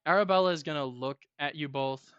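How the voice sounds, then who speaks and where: A game master narrating a tabletop game in halting, filler-heavy descriptions. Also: medium pitch, fairly bright tone, smooth, no echo, muffled recording.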